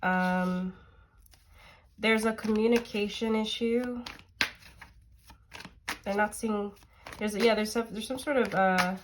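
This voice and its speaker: A woman with a congested, nasal voice talks her way through a tarot reading in a loose, rambling way, full of "like" and "um". Her pitch sits in an ordinary middle range. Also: fairly even intonation, takes it slowly, pauses often, noisy background. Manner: rambling, lots of "like" and "um". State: stuffy nose, nasal. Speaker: tarot reader. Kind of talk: casual tarot reading chat.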